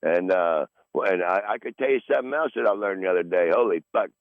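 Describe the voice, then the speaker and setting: Sixties male podcast host, profane rambling monologue, lowish voice, dull dry recording. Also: expressive, quick pace, no room sound. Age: 60s. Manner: profane, rambling, repeats himself.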